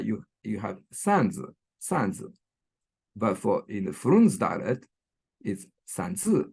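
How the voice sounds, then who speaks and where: Gravelly man lecturing online, checking "right?". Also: fairly low pitch, a little mellow. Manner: frequent fillers and "right?" checks. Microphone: computer mic on a video call.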